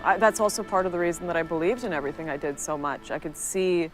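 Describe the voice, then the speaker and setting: A woman's voice: fairly low pitch, fast talker, faint music behind. A woman earnestly narrating a personal story in a scripted, recounting way.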